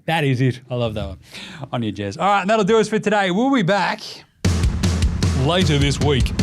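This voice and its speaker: A man in his thirties with an Australian accent, hosting a casual, profane, joking basketball chat. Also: a little high. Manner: profane, joking, rapid-fire lists. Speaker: podcast host.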